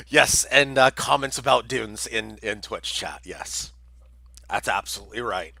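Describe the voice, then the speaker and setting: A man's voice: fairly low pitch, measured pace, gravelly, bright, forceful tone, no room sound. A man casting a community game tournament on a livestream, chatty and jokey, reading out chat messages. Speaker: tournament caster.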